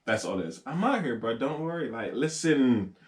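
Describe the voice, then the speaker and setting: A man's voice: medium pitch, very animated, normal speed. A man co-hosting a podcast in a casual chat, rambling and laughing often as he acts out what people said. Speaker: podcast co-host. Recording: roomy echo.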